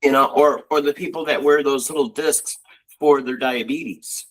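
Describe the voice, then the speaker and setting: A man's voice: mid-range voice, moderate pace, low-quality recording. A man co-hosting a casual chat, telling rambling stories with lots of fillers. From Buffalo, New York. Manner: rambling storyteller, animated, frequent fillers. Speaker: co-host.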